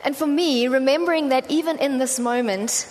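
A woman's voice: sits high, moderate pace, darkish tone. A woman preaching a conversational sermon in a church hall, with a chatty, self-deprecating storytelling manner and lots of fillers. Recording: long hall reverb, faint ambience.

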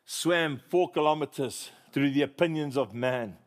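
A man's voice: a little high, measured pace. A man preaching a sermon, telling stories with humor and calling on the congregation to repeat after him. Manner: storytelling, humorous, call-and-response with congregation. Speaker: pastor.

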